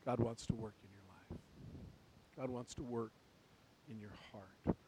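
A man preaching a sermon to a church congregation, swinging between quiet, reflective passages and loud, urgent ones. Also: medium pitch, fairly even intonation, a little slow, noisy background. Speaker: pastor. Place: church sanctuary.

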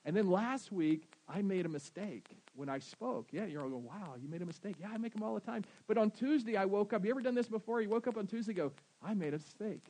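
Southern pastor, male, slightly high voice, chatty sermon delivery that quizzes the room. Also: fast, hardly any pauses, mellow, poor audio. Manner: conversational preaching, asks the congregation questions.

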